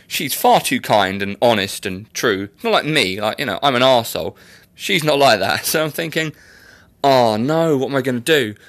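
A young man talks his way through a casual solo podcast, rambling and poking fun at himself. His voice sits at an ordinary middle pitch. The sound is close and dry. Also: a bit bright, no room sound. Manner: chatty and rambling, self-mocking. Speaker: podcast host.

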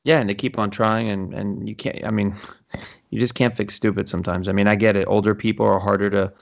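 A man's voice: lowish voice, flat delivery, brisk, vocal fry, lo-fi sound. A man hosting a casual podcast, swearing freely and acting out the conversations he retells. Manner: swears freely, acts out quoted exchanges. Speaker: podcast host.

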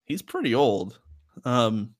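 A man's voice: mid-range voice, sing-song, slow, no room sound, clean studio sound. A young man co-hosting a podcast in casual chat, rambling and laughing often. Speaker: podcast co-host.

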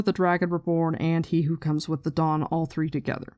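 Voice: medium pitch, level tone, a little fast, mellow, dry recording. A podcast host in a casual book discussion, chatty and irreverent, swearing casually.

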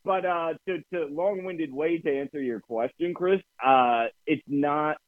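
Animated, cursing man. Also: on the high side, measured pace, no room sound. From New Jersey. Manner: animated storytelling, swears freely. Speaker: podcast co-host. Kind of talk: casual chat. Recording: dry, phone-like lo-fi sound.

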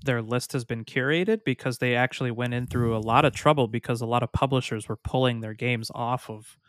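A man's voice: medium pitch, brisk, fairly bright tone, dry recording, studio quality. A man co-hosting a casual gaming podcast, chatty and telling anecdotes. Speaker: podcast co-host. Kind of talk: casual chat.

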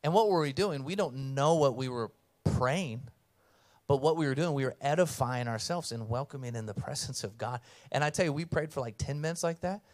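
A man's voice: mid-range voice, a little fast, a little mellow. A man preaching a sermon as pastor, conversational and earnest, telling stories and reading scripture.

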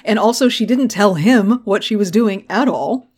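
A woman's voice: medium pitch, darkish tone, breathy edge. A woman co-hosting a podcast, recapping a TV episode in casual, profane, laughing chat. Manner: profane, laughing, quick retelling with quoted voices. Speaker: podcast co-host.

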